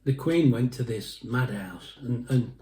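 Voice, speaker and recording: Vlogger, rambling and jokey, mellow timbre, echoey room. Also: male voice, medium pitch, animated, a little slow, slight background noise. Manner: chatty, laughing, rambling storyteller. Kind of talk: casual chat and joke telling.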